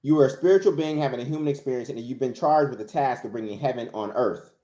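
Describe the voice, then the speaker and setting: Guy preaching a motivational money talk, mid-pitched voice, says things twice for punch, roomy echo. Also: quick pace, warm tone. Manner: preacherly, repeats key phrases for emphasis. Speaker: author and motivational speaker.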